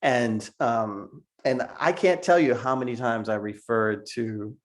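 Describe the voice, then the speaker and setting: The cartoonist guest, a middle-aged man, talks in an unhurried, medium-pitched voice. In this casual video-call interview he tells stories, laughing often and repeating words.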